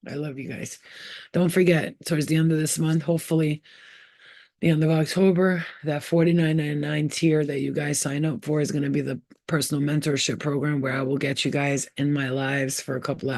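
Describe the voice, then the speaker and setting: This dry, studio-grade clip features a female spiritual healer speaking on her own channel. Her pep talk is casual, frank and profane, and she performs the voices of those she quotes, staying animated and often jumping into a higher register.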